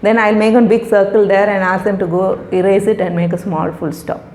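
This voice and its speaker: A middle-aged woman teaches young children on a recording, patiently repeating and explaining every word she sounds out. Her mid-range voice is flat and darkish and moves a little fast. The echoey room carries a slight hiss or hum.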